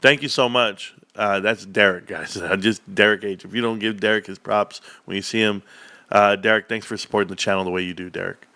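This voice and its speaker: Speaking briskly in a low-leaning voice, this livestream host chats casually with no echo around him. He's an animated storyteller who puts on voices for the people he's quoting.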